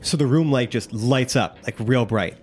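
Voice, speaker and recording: A man's voice: mid-range voice, moderate pace, a little mellow, a little hiss or hum. Rambling man narrating a tabletop game. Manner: rambling, many fillers. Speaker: game master.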